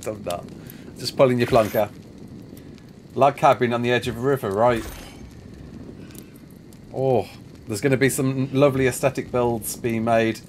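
A sleep-deprived man streams a game, talking in a loose, rambling way and stopping to answer viewers' questions. His voice sits at an ordinary middle pitch. Faint room ambience hums underneath. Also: unhurried, pauses often, slight background noise. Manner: chatty, rambling, answers chat questions while playing. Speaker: gaming streamer. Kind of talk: casual live gameplay chat.

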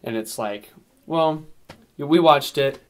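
A man's voice: fairly high pitch, slow pace. A man co-hosting a casual podcast, rambling with lots of fillers and frequent laughs. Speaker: podcast co-host reviewing a film. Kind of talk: casual chat.

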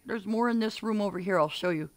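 An older woman livestreaming a game, chatting excitedly and calling out orders to her teammates. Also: mid-range voice, fast, no room sound. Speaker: gaming streamer. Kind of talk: live gameplay commentary.

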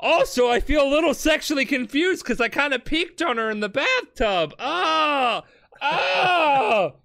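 A drunk podcaster voicing a panicked young male hero in a comedic retelling, with a shrill, yelping, shouting delivery. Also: lively intonation, measured pace, vocal fry, heavily acted. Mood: frantic. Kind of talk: comedic retelling with acted-out characters.

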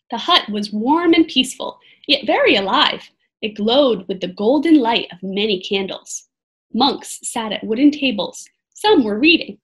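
A woman reading a storybook aloud as a lesson, expressive and stopping to ask children for predictions. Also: fairly high pitch.

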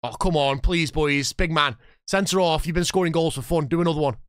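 A man in his thirties playing a football management game, chatting with viewers and reacting loudly to the match. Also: fairly high pitch, fairly quick, clean tone, dry recording, clean studio sound. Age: 30s. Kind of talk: live gameplay commentary and chat.

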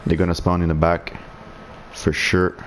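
A frustrated man streams himself playing an online shooter, cursing and sarcastically commenting as he goes, in the English of a native French speaker. His voice sits low with a level tone and normal speed. Slight background noise is audible.

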